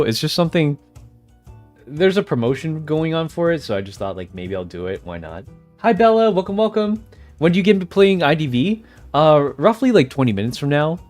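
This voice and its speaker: Rambling streamer man, lively pitch. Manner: rambling, easily distracted, laughs often. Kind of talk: casual chat with livestream viewers.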